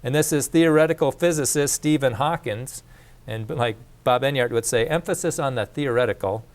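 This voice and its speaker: A man's voice: mid-range voice, moderate pace. A man teaching a faith course in a casual lecture, speaking conversationally with restarts and asides. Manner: conversational, repeats and restarts, plain speech.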